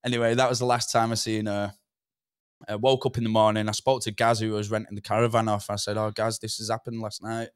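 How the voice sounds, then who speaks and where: Mancunian man with a smooth voice. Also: on the low side, level tone, fast, dry recording, studio quality. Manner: rambling, swears, lots of "do you know what I mean". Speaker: podcast guest. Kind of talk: casual storytelling.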